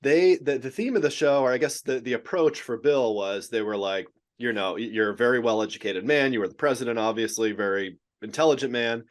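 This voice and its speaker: A man's voice: mid-range voice, a little fast, few pauses. A man co-hosting a podcast, telling a rambling story in casual, joking chat. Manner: rambling, joking, laughs often, swears. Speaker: podcast co-host.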